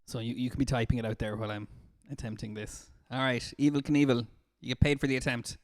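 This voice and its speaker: A man's voice: mid-range voice, level tone, quick pace, no room sound, studio quality. A man with an Irish accent, a music therapist, chatting casually on a live stream and reading out viewer comments with easy laughter. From Ireland. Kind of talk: casual chat to a live stream audience between songs. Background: acoustic guitar.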